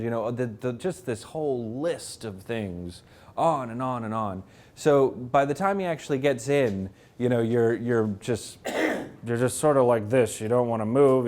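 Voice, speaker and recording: A man, an author, telling lively self-mocking stories to an audience at a library talk, acting out the people he quotes. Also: medium pitch. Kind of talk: anecdotal storytelling to a live audience. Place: public library event room.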